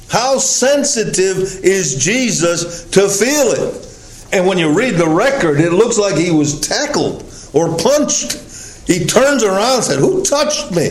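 Slow, emphatic male preacher in an echoey hall. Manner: emphatic, drawn-out stresses with sudden drops in pitch and volume. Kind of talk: sermon.

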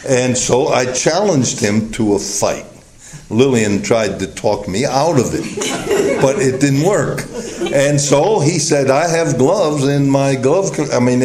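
An older man preaching a sermon as a pastor, telling personal stories slowly and deliberately with chuckles, recorded on old tape. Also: on the high side, a little mellow. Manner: slow, deliberate, storytelling with chuckles. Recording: echoey hall, faint noise, old tape.

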